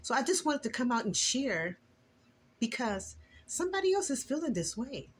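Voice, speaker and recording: An older woman and grandmother sharing an earnest, emotional Christian testimony in a casual vlog, with a preachy, expressive delivery. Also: normal speed, slight background noise. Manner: earnest, preachy and emotional, with lively swings in pitch. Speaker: vlogger.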